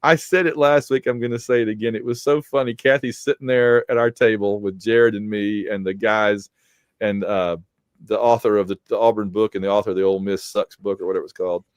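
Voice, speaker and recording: A man's voice: lowish voice, steady tone, a little fast, clean tone, no echo, studio quality. A man co-hosting a casual podcast and reading supporter names, joking and teasing, his voice getting worn. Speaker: podcast co-host.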